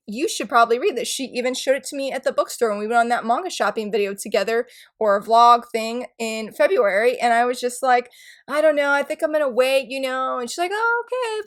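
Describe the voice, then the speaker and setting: A woman in her thirties talks straight to her viewers in a casual book vlog. Her voice sits a little high, and she gushes and rambles with bubbly excitement. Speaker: book YouTuber.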